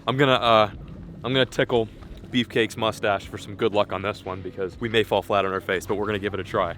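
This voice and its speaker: A young man vlogging while fishing from a boat on a small lake, excitable and self-mocking, swearing often. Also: on the low side, fast talker. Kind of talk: casual vlog talk to camera. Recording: outdoor wind and engine noise.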